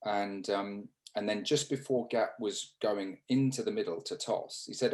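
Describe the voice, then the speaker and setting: A former cricketer from England, a man in his fifties, tells stories during a casual interview over a video call, halting with restarts and fillers. His voice is lowish with a darkish tone, and the recording quality is low.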